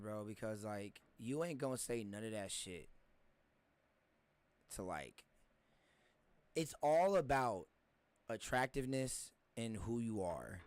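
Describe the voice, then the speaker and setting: Young male host, brash casual talker, mid pitch, dry close mic. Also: no room sound. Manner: loud, profane, interrupts, laughs. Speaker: podcast host. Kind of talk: casual chat.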